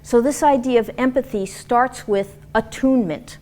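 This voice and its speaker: A woman lecturing a class on dance and movement therapy in an animated, demonstrative way, acting out example voices. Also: a little high, normal speed.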